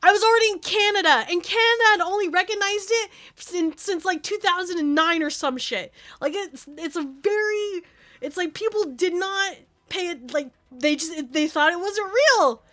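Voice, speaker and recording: A woman's voice: very high voice, moderate pace, pushed and bright. A young adult woman streamer venting in casual chat, heated and profane, full of fillers.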